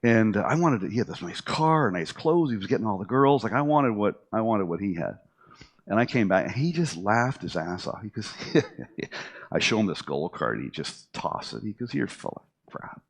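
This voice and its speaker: At a moderate pace, a middle-aged man with a low-leaning voice casually tells his own story, full of fillers and restarts. He's animated, acting out what other people said to him.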